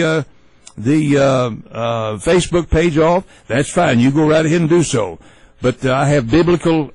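A man hosting a talk radio show, giving opinionated commentary in a folksy, halting way with many fillers and restarts. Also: fairly high pitch, a little mellow, no echo, poor audio.

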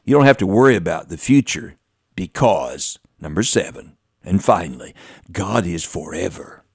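A male preacher telling a story inside a sermon. His voice climbs and falls widely, pushing some lines hard and stretching others slow and soft, with a chuckle between lines. The sound is dry and close. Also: sits low, breathy edge, no room sound. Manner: animated, swings between loud emphasis and quiet drawn-out phrases.

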